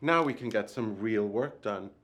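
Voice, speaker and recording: A man's voice: on the low side, normal speed, fairly bright tone, close to an everyday voice. A man voicing a flamboyant, theatrical male djinn spirit with a grandiose, teasing delivery. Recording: roomy echo.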